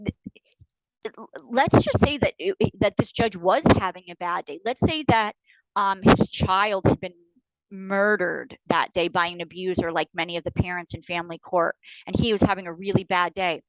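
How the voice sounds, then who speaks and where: A woman's voice: on the low side, normal speed, no room sound, muffled recording. A middle-aged woman, a paralegal guest on a podcast, talking bluntly and indignantly in casual interview style with many fillers.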